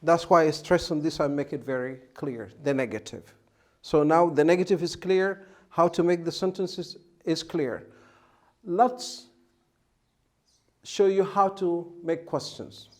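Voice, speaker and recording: A man giving an English grammar lesson, speaking at a slow, careful pace. His voice sits a little high. He is patient, spells out words and repeats his examples. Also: darkish tone. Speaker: English teacher. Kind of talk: classroom-style grammar lesson.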